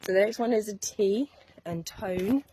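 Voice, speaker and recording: A woman's voice: mid-range voice, unhurried, warm tone, a little hiss or hum, poor audio. A woman giving a chatty, earnest wellness talk to her viewers, laughing now and then. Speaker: wellness coach. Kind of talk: casual talk to camera.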